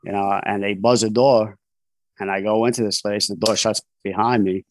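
Low-voiced New man telling his story. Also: steady tone, normal speed, slight background noise. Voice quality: conversational, frequent "you know" fillers and restarts. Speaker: podcast guest, author in long-term recovery. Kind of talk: candid storytelling in a casual interview.

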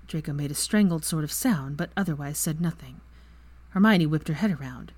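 Woman reading fanfic, low steady voice, dry close sound. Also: normal speed, husky, no room sound. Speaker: fan fiction reader. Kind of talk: story narration.

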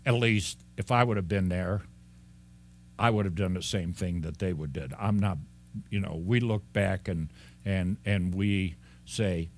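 A man preaching an expository sermon as a pastor. He talks in an animated way, laughs often and acts out the lines of the people in the story. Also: sits low, measured pace.

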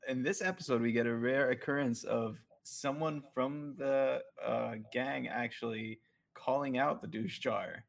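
Relaxed man with gravelly vocal fry. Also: medium pitch, unhurried. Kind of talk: casual chat.

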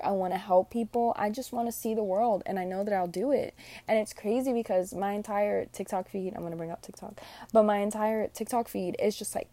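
A woman's voice: medium pitch, mellow, no echo. A young woman of Puerto Rican background hosting a reflective solo podcast, speaking earnestly and from the heart with many fillers. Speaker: podcast host.

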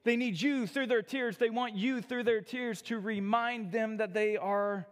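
High-voiced man preaching in a reverberant hall. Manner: conversational, self-deprecating, frequent restarts. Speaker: pastor. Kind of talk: sermon with personal storytelling.

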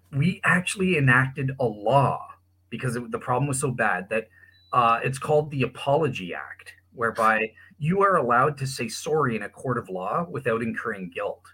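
A man from Newfoundland with a Canadian accent, chatting casually as a podcast guest, relaxed and full of likes. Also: mid-range voice, normal speed, slightly rough, low-quality recording.

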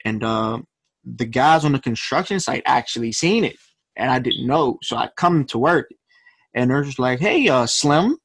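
A man's voice: mid-range voice, normal speed, gravelly, a bit bright, dry recording. A young man, a rapper guest, telling stories in a laid-back, profane, slangy way during a casual interview.

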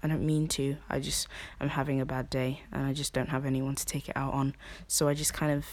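Rambling young woman, low voice. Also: little pitch movement, fairly quick, a little mellow, no room sound. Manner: rambling, lots of filler "like", frank and personal. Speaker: podcast host. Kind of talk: casual confessional podcast chat.

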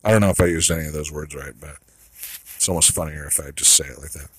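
A man's voice: a bass voice, steady tone, quick pace, husky, no room sound, poor audio. A man delivering a rambling solo monologue, blunt and profane, trailing off into asides.

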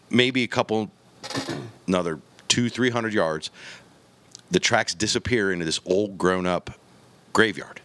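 A man's voice: low voice, a bit bright. A man on a podcast telling a long story in casual chat, acting out the quotes and the gunshots as he goes.

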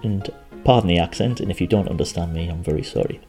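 Deep-voiced, chatty male podcaster. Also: fast, dark tone, faint music behind. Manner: chatty, rambling, self-deprecating. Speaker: podcast host. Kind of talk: casual solo podcast.

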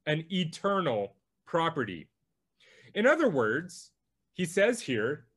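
A male pastor preaching a sermon, teaching through a Bible passage with slow, emphatic delivery. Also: a little high.

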